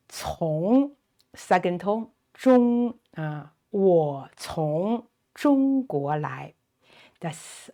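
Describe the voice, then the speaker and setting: A middle-aged woman with a Chinese accent gives a beginner language lesson at an unhurried, deliberate pace. Her voice sits a little low for a woman. She patiently repeats each phrase slowly so learners can follow. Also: a little mellow. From China. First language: Mandarin Chinese.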